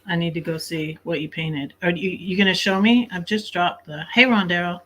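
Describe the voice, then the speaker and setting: Lying in bed for a relaxed late-night stream, a woman chats away, laughing often and munching on snacks between words. Her voice is lowish and fairly bright, with fairly even intonation and a moderate pace.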